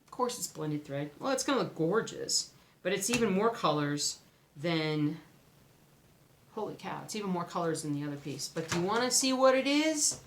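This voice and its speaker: A woman vlogging casually to camera about her cross-stitch projects, chatty and excitable, often exclaiming. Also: low voice, moderate pace. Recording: echoey room, faint background noise.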